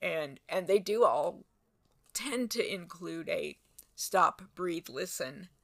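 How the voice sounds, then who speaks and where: Lively, husky-voiced woman with gravelly fry. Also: fairly low pitch, slow. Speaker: podcast co-host. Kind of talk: casual faith podcast chat.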